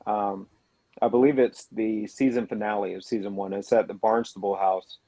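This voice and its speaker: A man, a paranormal investigator on a radio show, telling his experiences in an earnest, reflective way with many pauses and fillers. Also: lowish voice, fairly even intonation, warm tone, no echo. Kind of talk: telling a story in a radio interview.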